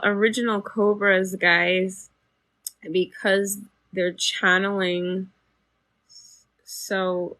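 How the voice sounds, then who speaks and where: A woman hosting a live spiritual healing stream, guiding breathing and chatting in a soft, meandering way with many fillers. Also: mid-range voice, dry recording. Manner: slow, soft and soothing when guiding, chatty with fillers and laughs otherwise. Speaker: livestream spiritual healer. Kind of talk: guided meditation and casual live chat.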